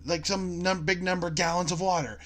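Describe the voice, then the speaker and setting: A man's voice: sits high, fairly even intonation, a little fast. A young man chatting casually with a friend, laughing often and telling long jokes in which he voices the characters. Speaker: co-host.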